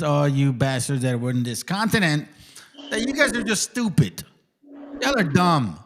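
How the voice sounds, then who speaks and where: A man's voice: high-pitched, a bit bright, slight background noise. A man hosting a casual reaction commentary, ranting heatedly and swearing constantly. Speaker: stream host.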